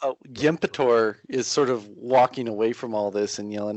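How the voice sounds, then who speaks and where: A man's voice: mid-range voice, moderate pace, darkish tone, no echo, poor audio. Man player, dry close sound. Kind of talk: casual tabletop play.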